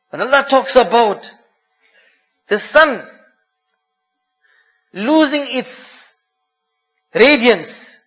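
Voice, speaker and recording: Guy preaching, dramatic storytelling w arabic phrases mixed in, really high bright voice. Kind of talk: sermon storytelling.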